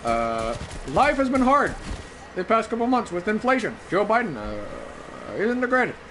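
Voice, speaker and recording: A drunk man doing a halting, pause-filled impression of a male president giving a speech. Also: sits high, huge pitch swings, fairly bright tone, slight background noise, heavily acted. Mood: mock-solemn.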